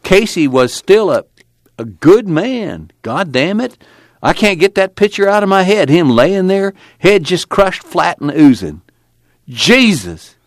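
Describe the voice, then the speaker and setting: A man's voice: fairly low pitch, expressive, a little slow, no echo, clean studio sound. A man voicing a battered, weary young farm worker who talks in a drawling rural dialect, his voice straining with grief. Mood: anguished.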